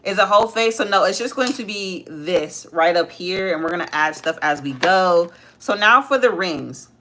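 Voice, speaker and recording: A woman's voice: lowish voice, expressive, normal speed, sharp tone, a little hiss or hum. A young woman hosting a casual livestream, chatting with viewers as she works and talking with her child. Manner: chatty, talks to viewers while doing makeup. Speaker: livestream host, mother.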